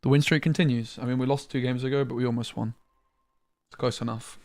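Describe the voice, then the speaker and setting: A man's voice: mid-range voice, steady tone, fast talker, darkish tone, no room sound. Chatty man muttering game commentary. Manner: chatty, muttering asides, mild slang. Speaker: streamer. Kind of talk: casual gameplay commentary.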